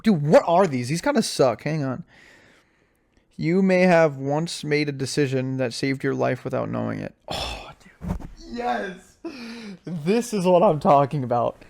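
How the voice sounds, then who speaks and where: A man's voice: fairly high pitch, moderate pace, vocal fry. A young man hosting a podcast on his own, chatting casually and telling stories with a lot of slang and filler words. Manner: animated storyteller, slangy, says "like" and "dude" a lot. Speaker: podcast host. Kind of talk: casual solo podcast chat.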